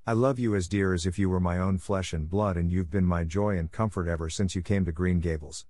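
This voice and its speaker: A man's voice: deep voice, fairly even intonation, a little fast, mellow, dry recording, studio quality, natural voice. A man reading aloud voices a reserved, stern older woman giving restrained comfort. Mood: tender.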